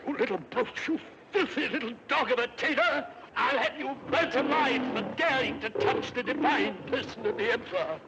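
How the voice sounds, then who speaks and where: An actor playing a pompous, cowardly Roman emperor in a 1950s film, imperious and theatrical. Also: male voice, extremely high pitch, moderate pace, hardly any pauses, heavy background noise. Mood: furious. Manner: imperious and theatrical, turning fawning when scared.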